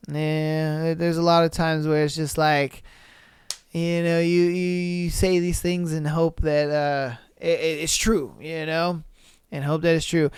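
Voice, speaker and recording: Smooth-voiced man, slangy podcast host. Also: high-pitched, no echo, clean studio sound. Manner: slangy, profane, exclamatory, laughs often. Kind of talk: casual solo podcast commentary.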